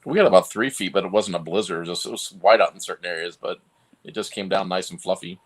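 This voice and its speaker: Fast-talking joker in casual chat. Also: low-pitched.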